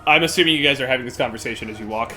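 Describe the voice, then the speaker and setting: Bright-voiced young game master. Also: male voice, mid-range voice, faint music behind. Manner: casual, laughing, quick asides. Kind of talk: narrating a tabletop game.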